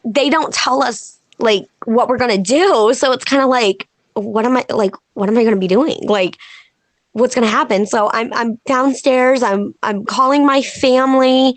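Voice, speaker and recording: A woman professional wrestler talks as a guest on a podcast, casual and animated. She acts out the dialogue she quotes in her stories. Her voice sits fairly high, and the recording is dry and close. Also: dry recording. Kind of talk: casual podcast interview storytelling.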